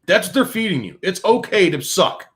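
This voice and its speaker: A man's voice: high voice, sing-song, normal speed, a bit bright. A man hosting a sports talk show, ranting with profanity and many restarts. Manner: fired-up, profane, repetitive restarts. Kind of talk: heated sports radio rant.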